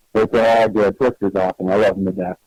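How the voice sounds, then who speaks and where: A man hosting an internet radio show, talking in a halting, teasing way with frequent restarts. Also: lowish voice, darkish tone, slight background noise, low-quality recording. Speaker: host. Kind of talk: casual radio chat.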